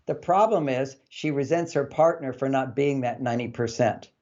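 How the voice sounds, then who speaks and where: A man giving relationship advice as an interview guest, a lively storyteller who acts out the dialogue he quotes. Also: mid-range voice, normal speed, muffled recording.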